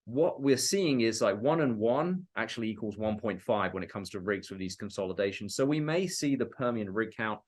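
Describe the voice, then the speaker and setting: A man co-presenting a business webinar as an industry analyst, talking conversationally with frequent fillers that trail off softly. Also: fairly low pitch, expressive, normal speed, few pauses.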